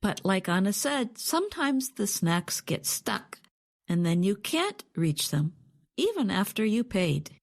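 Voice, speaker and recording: A woman co-hosting an English learning podcast, explaining clearly and expressively. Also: medium pitch, very animated, a little slow. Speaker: podcast co-host, English teacher.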